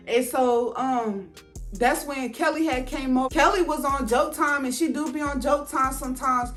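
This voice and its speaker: A woman telling a personal story to her viewers in a casual, animated and profane way, speaking to them directly. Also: high voice, normal speed, soft background music.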